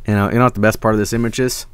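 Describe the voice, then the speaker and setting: A man's voice: lowish voice, clean tone, dry recording. A man streaming casually, reading out fan art and chat, rambling, swearing freely and breaking into silly voices.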